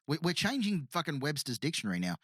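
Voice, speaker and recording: A man co-hosts a casual podcast, tripping over restarts and making self-deprecating jokes. His voice leaps around with a lively, slightly high pitch. The sound is close and dry. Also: fast talker, husky, dry recording. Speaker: podcast co-host. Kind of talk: casual chat.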